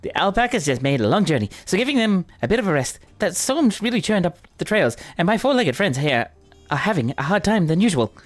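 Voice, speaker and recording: A man voicing a small beastfolk animal handler in a game, talking in rapid, hurried bursts. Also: high voice, sing-song, pitched above the performer's own voice.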